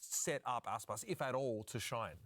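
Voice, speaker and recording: A man's voice: mid-range voice, moderate pace, fairly bright tone, dry recording. A man hosting an esports broadcast desk, asking questions in a conversational way.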